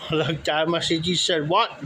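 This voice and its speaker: A man's voice: on the high side, little pitch movement, a little slow, sharp tone, a little hiss or hum, poor audio. A man casually telling a long story, rambling and repeating "he says" and "I said" as he quotes people. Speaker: livestream storyteller. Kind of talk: casual spoken anecdote.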